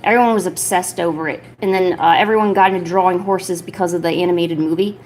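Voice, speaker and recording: A woman in her thirties, chatting casually on a livestream while she sketches, rambling with lots of filler words and cooing softly to her pet. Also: on the low side, fairly even intonation, fast, a little hiss or hum. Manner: soft, doting talk to her pet. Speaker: artist streamer.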